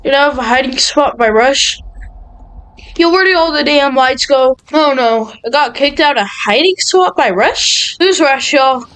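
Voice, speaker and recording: A young gaming channel host plays a horror game for her viewers, jumpy and nervous throughout her commentary. She speaks at a measured pace in a high, fairly bright voice, captured in a low-quality recording.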